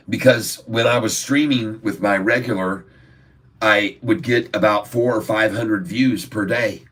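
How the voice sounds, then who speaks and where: Low-voiced, jokey male stream host. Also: pushed and bright, far from the mic. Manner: jokey, rambling, laughs often. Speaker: livestream host. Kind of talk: casual livestream chat. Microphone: phone.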